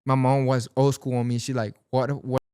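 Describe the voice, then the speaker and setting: A man's voice: mid-range voice, level tone, a little fast, dark tone, smooth, dry recording, studio quality. A young man from Los Angeles with a Mexican-American accent and a Sinaloan mother, telling stories as a podcast guest. He talks casually, switches between Spanish and English, says "bro" often and acts out the people he quotes. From Pacoima, California, with a Sinaloan mother. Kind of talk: casual storytelling chat.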